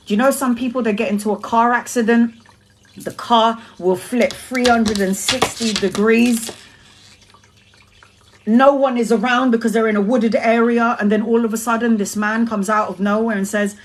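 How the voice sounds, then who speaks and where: A woman's voice: fairly high pitch, steady tone, moderate pace. A woman tarot reader chatting casually to live stream viewers, laughing often and swearing freely.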